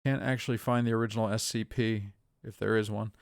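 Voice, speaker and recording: A man's voice: lowish voice, little pitch movement, fast talker, creaky, no room sound, clean studio sound. A man in his thirties streaming a game live, chatting in a rambling way with his viewers between moves. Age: 30s. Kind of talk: live gameplay commentary.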